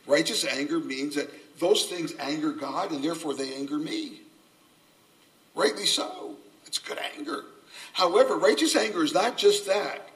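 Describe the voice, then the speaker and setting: A man preaching a sermon, animated, acting out quoted voices and repeating his key phrases. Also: a little high, distant mic, low-quality recording. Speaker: pastor.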